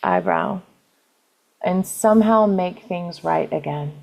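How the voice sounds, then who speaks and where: A woman leading a guided EFT tapping session, calling out tapping points in a slow, gentle, repetitive way. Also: fairly low pitch, big pitch swings, vocal fry.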